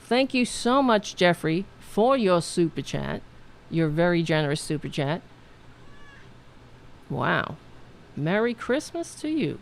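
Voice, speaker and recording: A woman's voice: on the low side, slow pace, creaky, long pauses. Chatty woman hosting a live stream. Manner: chatty, animated, laughs often, trails off and restarts. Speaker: political show host. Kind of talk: casual live-stream talk.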